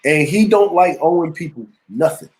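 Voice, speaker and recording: A middle-aged man co-hosting a casual chat show, telling stories in an animated, teasing way. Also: fairly high pitch, moderate pace, low-quality recording. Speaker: podcast co-host.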